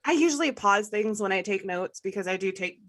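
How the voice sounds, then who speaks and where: A woman's voice: mid-range voice, lively intonation, fairly quick, fairly bright tone, no echo, clean studio sound. A woman co-hosting a casual movie review podcast, talking in an exasperated way and laughing often. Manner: laughing, exasperated, takes notes. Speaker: podcast co-host.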